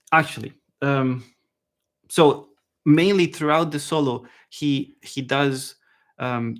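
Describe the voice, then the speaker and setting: Chatty man teaching saxophone. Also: mid-range voice. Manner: relaxed and chatty, checks in with "okay?" and sings the phrases. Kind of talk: live online lesson.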